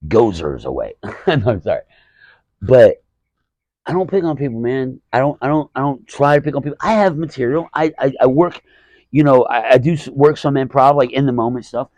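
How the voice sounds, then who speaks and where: A man's voice: medium pitch, animated, normal speed, darkish tone, no room sound, lo-fi sound. A man, a stand-up comedian hosting his own podcast, telling a story in a rambling, profane way with many restarts and acted-out quotes. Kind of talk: casual storytelling monologue.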